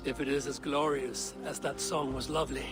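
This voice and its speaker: An actor voicing a calm, courteous Norse warrior who speaks in a measured way, with game music behind. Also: male voice, medium pitch, natural voice.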